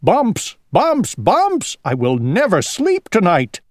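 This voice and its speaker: A man voicing a fussy, easily flustered male owl in a storybook, jumping high when alarmed. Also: big pitch swings, slow, darkish tone, no echo, studio quality. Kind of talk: storybook character voice.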